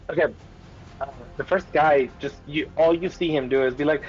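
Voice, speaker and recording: A man's voice: a little high, moderate pace, long pauses. A man running a tabletop game as game master, narrating in a rambling way full of filler words, in a dull lo-fi recording with faint music.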